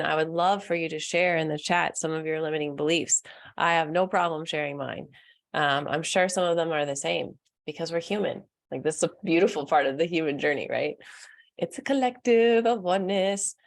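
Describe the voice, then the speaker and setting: A young woman hosting a live stream as a spiritual coach, talking softly and earnestly, laughing often and answering comments from the chat. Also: fairly low pitch, vocal fry. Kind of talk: casual live-stream talk.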